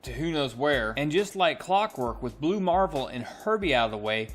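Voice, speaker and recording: A man's voice: a little high, lively intonation, normal speed, soft background music. Chatty man recapping a comic. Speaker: comic book reviewer. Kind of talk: casual plot recap.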